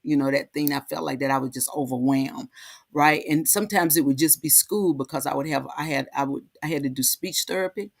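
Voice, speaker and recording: A woman hosting a heartfelt, casual talk, halting and repeating herself, often asking "right?". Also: deep voice, vocal fry, no room sound, clean studio sound. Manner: halting, repeats words, frequent "right?" tags. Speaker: host.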